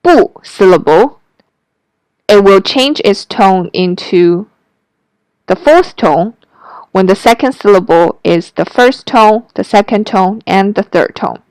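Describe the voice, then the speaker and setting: A woman teaching a Mandarin pronunciation lesson, taking her time over every word. Her voice is smooth and clear, and it is recorded dry and close, with no room sound. She models each syllable carefully for the listener to repeat. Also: medium pitch, animated, takes it slowly, a little mellow, no room sound. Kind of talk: slow, careful language lesson narration.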